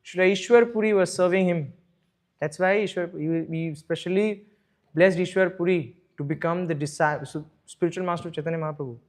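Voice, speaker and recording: High-voiced man teaching scripture. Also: brisk. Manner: emphatic, repeating points, asks listeners "right?". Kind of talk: devotional scripture class. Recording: echoey room.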